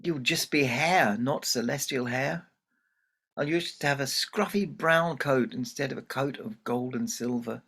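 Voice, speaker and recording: A man voicing a stern, commanding sun goddess who shouts at her daughter in a told folktale. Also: medium pitch, measured pace, slightly rough, full character voice. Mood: angry.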